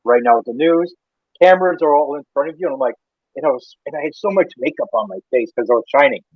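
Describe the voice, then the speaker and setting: A man's voice: medium pitch, fast talker, breathy edge, no room sound. A Canadian man, an interior designer, telling rambling anecdotes in a casual interview, with many restarts. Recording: tinny phone-like line, dry.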